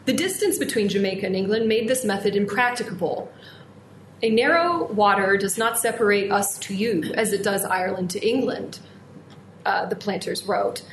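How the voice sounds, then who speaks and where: A woman delivers a formal history lecture at a steady, measured pace, quoting old documents as she goes. Her voice sits at an ordinary middle pitch. The room around her is echoey, with a faint hiss underneath. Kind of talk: reading an academic history talk.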